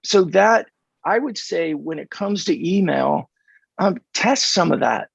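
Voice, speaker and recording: A man's voice: high-pitched, a little slow, gravelly, breathy edge, no echo. An American man from California in his fifties, a podcast guest telling stories in a casual interview and acting out the dialogue with energy. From California, USA. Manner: animated storyteller who acts out dialogue. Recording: dull, dry remote podcast audio.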